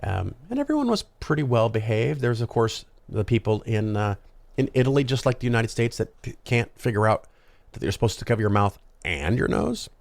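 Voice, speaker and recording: A man's voice: medium pitch, big pitch swings, a little fast, vocal fry, dry recording. A male podcast host talking through a casual solo monologue, rambling and conversational with frequent ums and asides.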